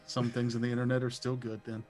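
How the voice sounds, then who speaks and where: A man with a mid-range voice weighs in plainly on rules and strategy at the table. He speaks bluntly and with conviction. Quiet music runs in the background. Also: medium pitch, monotone, fast. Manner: blunt, opinionated. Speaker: player. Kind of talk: casual tabletop game chat.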